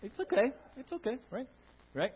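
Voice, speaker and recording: Lively preacher, husky voice. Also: male voice, extremely high pitch, moderate pace. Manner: animated, rising to loud emphatic bursts, asks the congregation questions. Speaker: pastor. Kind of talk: sermon. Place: church. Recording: dull lo-fi sound.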